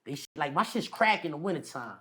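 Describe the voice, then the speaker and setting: A man telling a long personal story in casual, slangy street talk, animated as he retells it. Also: fairly high pitch, fast, husky. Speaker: podcast guest.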